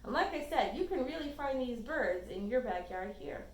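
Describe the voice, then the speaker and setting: A woman librarian leads a storytime read-aloud, her voice pitched high and full of lively swoops. She reads expressively and breaks off for chatty asides to the children. The sound carries a noticeable room echo. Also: normal speed, slight background noise.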